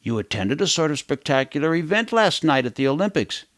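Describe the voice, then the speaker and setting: A man's voice: on the high side, sing-song, brisk, a bit bright, no room sound, clean studio sound, pitched above the performer's own voice. A man voicing a stiff, formal male journalist interviewing a teenager. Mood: mock-formal. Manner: formal, mock-polite questioning.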